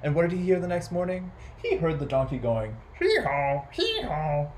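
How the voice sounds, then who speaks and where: A man's voice: on the high side, fairly quick, poor audio. Playful man reading a kids' story. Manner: animated, playful, with animal and noise sound effects. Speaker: library storyteller. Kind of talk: children's story read aloud.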